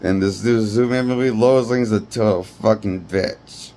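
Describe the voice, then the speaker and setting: A man's voice: on the low side, moderate pace, dark tone. A man giving a rambling, blunt and profane movie review. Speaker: movie critic. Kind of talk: ranting film review.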